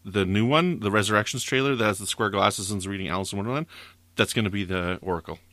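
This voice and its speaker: Low bright guy, laid back and teasing, dry close mic. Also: fast, no echo. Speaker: podcast co-host. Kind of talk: casual chat.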